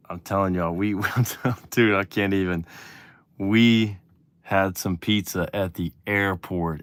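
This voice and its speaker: A man from Texas hosting a casual livestream, chatting with viewers in a relaxed, rambling way that turns eager at times. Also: clear, resonant tone, no echo. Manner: relaxed, chatty, drifting from low mumbles to excited bursts. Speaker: livestream host. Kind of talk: casual livestream chat reading comments.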